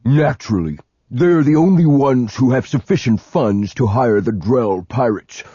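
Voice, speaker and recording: A man voicing a cold, suspicious old slug lord who questions slowly. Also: mid-range voice, expressive, dark tone, slightly rough, dry recording, voice pushed up. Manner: slow, cold and probing. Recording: dull dry lo-fi audiobook recording.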